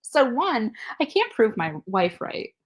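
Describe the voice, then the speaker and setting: A woman co-hosting a podcast, telling a story in a casual, animated way, laughing often and acting out what people said. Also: fairly high pitch, slow pace, a little hiss or hum. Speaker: podcast co-host.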